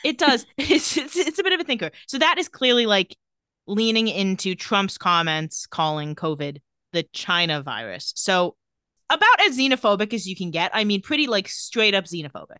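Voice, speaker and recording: Woman podcast co-host, casual wry recap; bright, smooth voice, dry close sound. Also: mid-range voice, animated, moderate pace, dry recording. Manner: recounting tweets with wry commentary.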